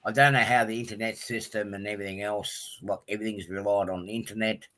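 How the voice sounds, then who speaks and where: A man's voice: on the low side, steady tone, fast talker, a bit bright. An Australian man hosting a casual livestream, chatting loosely and greeting viewers one by one with lots of ums. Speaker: livestream host.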